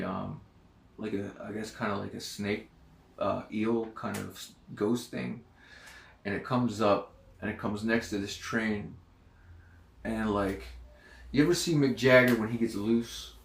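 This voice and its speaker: A man recounting a dream in a casual monologue, hesitant and halting, with many ums and restarts. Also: on the low side, creaky. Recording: echoey room, far from the mic.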